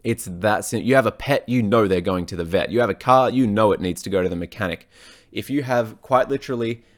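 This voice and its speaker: A man's voice: lowish voice, brisk. A man, a fitness coach, talking alone on his podcast in a blunt, profane, rambling way. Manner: blunt and profane, frequent swearing; rambling, self-correcting, off on tangents. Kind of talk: solo podcast monologue.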